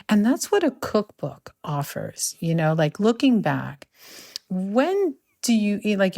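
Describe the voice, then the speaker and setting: A woman's voice: on the low side, a little mellow, no echo, clean studio sound. A woman podcast host who reflects thoughtfully and asks questions, often ending her points with "right?".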